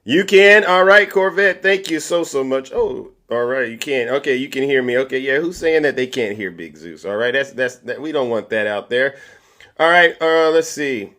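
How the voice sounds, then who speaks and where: A man's voice: medium pitch, expressive, moderate pace, fairly bright tone. A man hosting a political commentary livestream, boastful and showy, with catchphrases. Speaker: livestream host.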